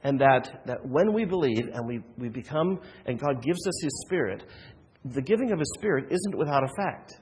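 A man's voice: medium pitch, lively intonation, moderate pace, darkish tone, in a large hall, a little hiss or hum. A man preaching a sermon as a pastor, earnest, with frequent restarts and rhetorical questions.

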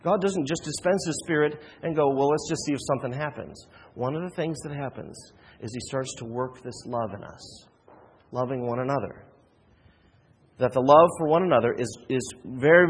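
A man's voice: mid-range voice, normal speed, slightly rough, in a large hall. A man preaching a sermon as a pastor, earnest, with frequent restarts and rhetorical questions.

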